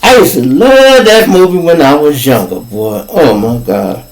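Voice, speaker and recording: A man's voice: a little high, expressive, measured pace, rough recording. A man from Chicago with a Chicago accent, hosting his own show and telling a street story in casual, profane slang, acting out both sides of the argument. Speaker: podcast host telling a story.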